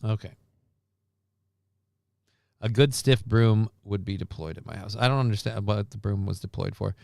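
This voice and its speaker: A man's voice: on the low side, normal speed, creaky, darkish tone, dry recording, studio quality. A man hosting a livestream news show in casual chat, rambling, sarcastic and profane.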